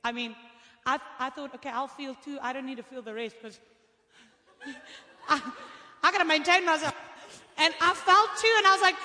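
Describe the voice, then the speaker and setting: A woman preacher telling testimonies in an animated, storytelling way, acting out the voices of the people in her stories. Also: sits high, brisk, long pauses. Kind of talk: sermon testimony. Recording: long hall reverb.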